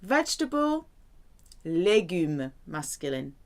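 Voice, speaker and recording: A woman teaching a language lesson, slowly drilling phrases and humming placeholder sounds between words. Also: on the low side, sing-song. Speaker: French teacher.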